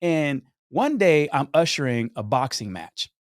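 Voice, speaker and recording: A young adult man, a podcast guest, telling stories in a lively way, acting out scenes and laughing often. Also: medium pitch, a little slow, no echo, clean studio sound. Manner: animated storyteller who acts out scenes and laughs often. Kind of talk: casual storytelling chat.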